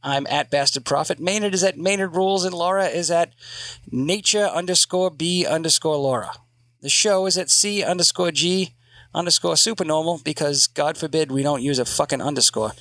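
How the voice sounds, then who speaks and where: Male podcast host, bright, slightly high voice, swears freely, rambling and joking, dry close sound. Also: normal speed, dry recording. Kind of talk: casual podcast banter.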